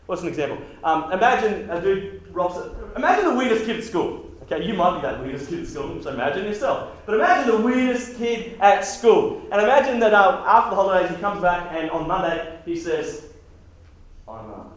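A man giving a sermon to young people, animated and casual, repeating himself and acting out quotes. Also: high voice, fairly quick. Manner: animated, repetitive, casual slang, acts out quotes. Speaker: youth preacher. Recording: very echoey hall, dull sound.

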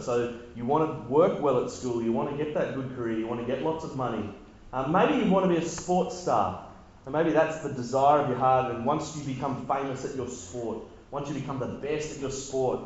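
A man's voice: medium pitch, a little mellow, heavy reverb, muffled recording. A man preaching casually to teenagers, joking with the crowd. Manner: conversational, joking with the audience. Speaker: youth pastor. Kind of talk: sermon to teenagers.

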